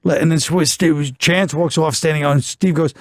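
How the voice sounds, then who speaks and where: A man's voice: fairly high pitch, moderate pace, background noise. A middle-aged man, a guest comedian telling stories in casual talk and acting out the voices of people in them, close on a studio mic. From New York. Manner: animated, acts out other voices in stories. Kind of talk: casual storytelling on a talk show.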